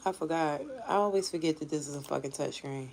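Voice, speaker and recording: A woman's voice: sits low, fast, gravelly, a little mellow, slight background noise. A woman tarot reader, chatting casually and bluntly on a live stream at home and swearing freely. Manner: blunt, swears freely, talks to family off-mic. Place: home room.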